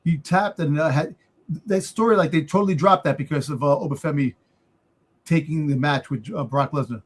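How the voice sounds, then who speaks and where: A man co-hosting a casual wrestling podcast, talking haltingly with many fillers and quick to agree. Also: on the high side, breathy edge. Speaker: podcast co-host.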